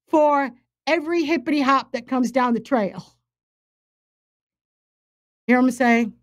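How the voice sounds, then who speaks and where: Woman, minister and faith coach, very high voice, livestream preaching, urgent, emphatic, repeats phrases. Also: measured pace, long pauses.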